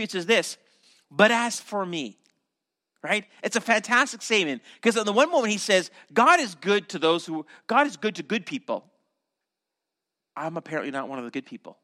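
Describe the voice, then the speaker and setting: A man's voice: sits high, pushed and bright. A Canadian man preaching a sermon as pastor, teaching animatedly with acted asides and restarts.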